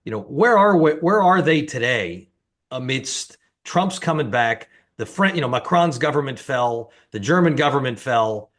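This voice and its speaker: A man's voice: mid-range voice, lively intonation, moderate pace, a bit bright. A man hosting an interview, asking long, thoughtful questions in a conversational way. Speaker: host.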